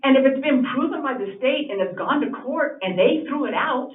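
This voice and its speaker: A woman's voice: high-pitched, expressive, normal speed. A woman speaking as a neighboring landowner at a town meeting, firm and argumentative, with frequent fillers. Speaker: neighboring landowner at public comment. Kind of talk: public meeting comment. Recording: echoey, distant, tinny phone-like sound.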